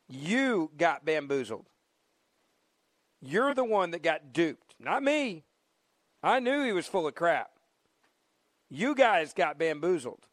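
Male talk radio host: emphatic, mocking, repetitive delivery; slightly high voice, dry studio sound. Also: no echo.

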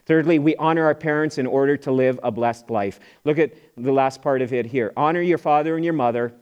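A man's voice: mid-range voice, brisk, darkish tone, smooth, dull audio. A middle-aged man preaching a sermon as pastor, in a conversational way, often repeating words and acting out quoted voices.

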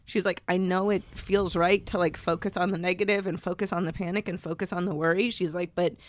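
A woman co-hosting a podcast, telling a story in casual chat and acting out the people she quotes in higher voices. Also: steady tone, brisk. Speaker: podcast co-host. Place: podcast studio.

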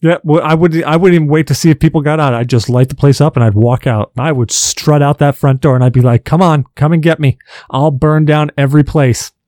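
A man's voice: on the high side, fast talker, hardly any pauses, a little mellow, dry recording, clean studio sound. A man co-hosting a gaming podcast, rambling in casual chat and often stumbling over restarted words. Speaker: podcast co-host.

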